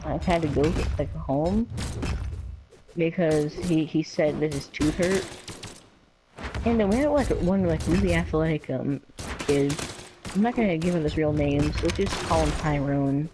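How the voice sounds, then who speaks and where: A man's voice: fairly high pitch, unhurried. A man casually telling a personal story in a rambling way, filling his talk with lots of "like" and "um". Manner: rambling, filler-heavy with lots of "like" and "um". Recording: noisy home recording.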